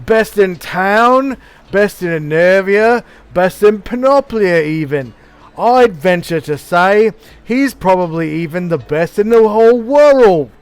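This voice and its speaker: A man's voice: high voice, animated, takes it slowly, smooth, dry recording, voice pushed up. A man voicing a cheeky young village boy who brags about his blacksmith father, in a teasing sing-song manner.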